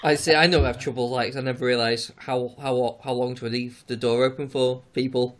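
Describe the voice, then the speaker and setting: A man's voice: mid-range voice, fairly even intonation, a little fast, fairly bright tone. An English man co-hosting a podcast, chatting casually and hesitantly, with many restarts. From Britain. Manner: hesitant, many fillers and restarts, laughs easily. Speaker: podcast co-host. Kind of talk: casual chat.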